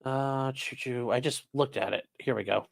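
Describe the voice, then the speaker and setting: A man's voice: mid-range voice, fairly even intonation, normal speed, creaky. A man hosts a casual live stream in a mid-range voice. He rambles and makes sarcastic jokes. He also reads viewer chat aloud as he reacts. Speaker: streamer host reacting to trial news.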